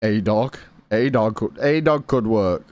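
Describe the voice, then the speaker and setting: A man's voice: fairly low pitch, measured pace, a little mellow, no echo. A young British man streaming a game, chatting casually with his chat and swearing now and then.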